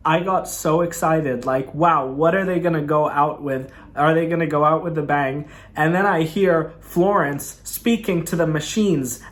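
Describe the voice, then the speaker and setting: Gushing young man reviewing a film. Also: a little high. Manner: gushing, enthusiastic, repetitive. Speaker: movie reviewer. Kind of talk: casual video review.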